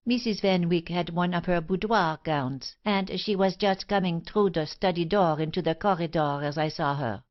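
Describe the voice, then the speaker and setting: A woman voicing a timid young maid who answers in soft, steady, trance-like tones. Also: on the low side, moderate pace, few pauses, close to an everyday voice. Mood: nervous. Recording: dull lo-fi audiobook recording.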